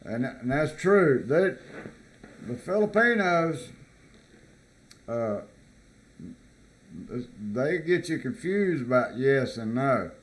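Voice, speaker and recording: A man from the United States, vlogging in a casual, halting way, reading items from a list and commenting with repeated words and fillers. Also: mid-range voice, expressive.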